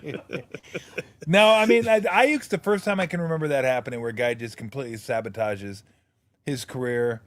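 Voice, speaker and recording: A man's voice: mid-range voice, fairly quick, a bit bright, no room sound. Joking, profane male sports host. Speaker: radio show host, former player. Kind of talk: casual sports talk.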